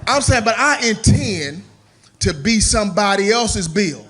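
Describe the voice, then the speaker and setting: A man's voice: sits high, lively intonation, measured pace, fairly bright tone. A man doing a stand-up comedy set on stage, loose and playful, slipping into character voices. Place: comedy stage before a live audience.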